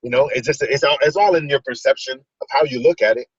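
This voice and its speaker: A man's voice: mid-range voice, fast talker, slightly rough, no echo, distant mic. A middle-aged man in a casual motivational chat who rambles, restarts and fills with "you know". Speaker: discussion participant. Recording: dull lo-fi video call audio.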